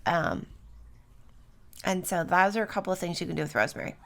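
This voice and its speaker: Her voice lowish, expressive and fairly quick with vocal fry, a middle-aged host talks herbs on her solo podcast from home in the early morning. She keeps it chatty and loose, scattering fillers and tag questions throughout.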